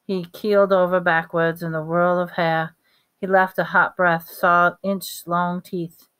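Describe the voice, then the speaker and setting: A woman reading a novel aloud at a steady pace, with small slips and restarts. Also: on the low side, clear, resonant tone. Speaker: reader.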